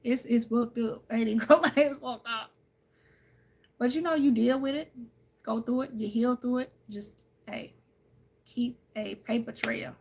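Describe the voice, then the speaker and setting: A woman's voice: a little high, unhurried, gravelly, a little mellow, a little hiss or hum. A woman tarot reader in a casual, candid chat, speaking emphatically and calling her listeners "y'all" and "honey.".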